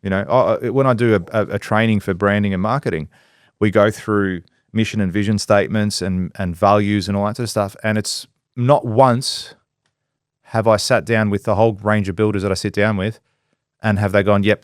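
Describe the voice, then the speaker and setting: A man's voice: fairly low pitch, steady tone, normal speed, no echo, studio quality. A man on a casual podcast, a business owner who talks bluntly, swears freely and acts out quotes.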